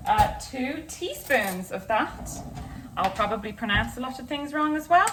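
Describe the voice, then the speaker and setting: A woman's voice: on the high side, animated, a little slow. A young woman hosting a casual, jokey vlog chat while cooking in her kitchen. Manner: chatty, jokey, rambling. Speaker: vlogger host. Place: home kitchen. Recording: distant camera mic with noise.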